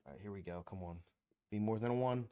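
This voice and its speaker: A man's voice: fairly low pitch, fast, mellow, dull audio. A man hosting a scratch-off ticket channel, commenting casually and exclaiming as he counts numbers aloud. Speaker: lottery scratch-off channel host.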